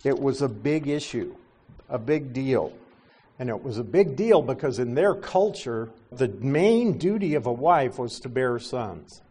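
A middle-aged male pastor teaching a sermon, explaining scripture with gentle asides. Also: medium pitch, expressive, unhurried, breathy edge.

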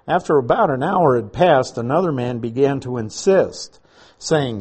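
A man's voice: mid-range voice, animated, moderate pace, a little mellow, breathy edge. A man preaching a sermon who reads scripture aloud and then explains it, asking his listeners rhetorical questions. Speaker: pastor teaching scripture. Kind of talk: sermon, Bible teaching. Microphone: uses slides while speaking to a congregation.

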